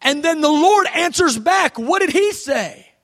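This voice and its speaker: A man preaching a sermon, dramatic, swinging between shouts and hushed tones. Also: extremely high pitch, lively intonation, a little slow.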